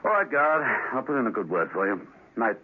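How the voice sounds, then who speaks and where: An actor in a radio drama playing a suave gentleman spy who asks dry, probing questions, heard on a tinny broadcast. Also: mid-range voice, very animated, a little fast, slightly rough.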